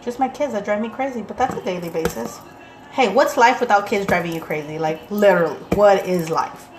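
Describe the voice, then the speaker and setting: A woman's voice: mid-range voice, fairly quick, noisy background. A young woman chatting casually to her viewers as a vlogger and mother of two, blunt, swearing freely and acting out quotes with animation.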